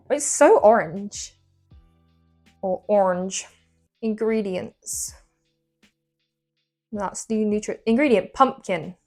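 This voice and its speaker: A young English woman talks her viewers through a bake in her home kitchen, chatty and quick to poke fun at herself. Her voice sits at an ordinary middle pitch. Soft music plays faintly behind her. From England. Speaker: baking vlogger. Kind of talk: casual chat while baking.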